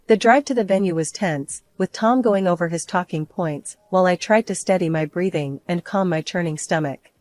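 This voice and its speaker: Woman narrating a first-person story, lowish voice. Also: no echo.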